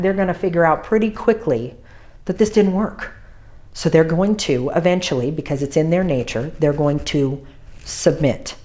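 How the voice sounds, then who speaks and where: A woman's voice: low-pitched, darkish tone. A woman who works as a dog groomer and teaches the trade, giving an instructional talk in an emphatic way and repeating her key points.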